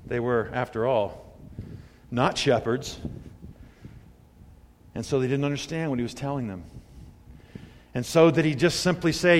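A man in his sixties preaching a sermon, moving between loud emphatic peaks and hushed, quiet asides. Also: medium pitch, measured pace, long pauses. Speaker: pastor. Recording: long hall reverb.

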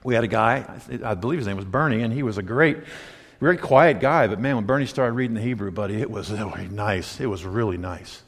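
A man's voice: lowish voice, fast talker, slightly rough. Emphatic preacher man in a reverberant hall. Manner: emphatic, with rhetorical questions to the congregation. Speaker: pastor. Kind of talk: sermon.

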